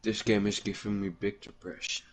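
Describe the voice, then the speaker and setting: A man's voice: fairly low pitch, flat delivery, moderate pace, soft background music. A young man in casual gaming voice chat, laid-back and joking. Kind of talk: casual voice chat during an online race.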